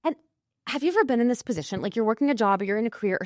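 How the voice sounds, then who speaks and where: A woman guest, an intuitive coach, telling a personal story in an interview, animated and acting out the people she quotes. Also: fairly high pitch, rapid-fire, dry recording, studio quality.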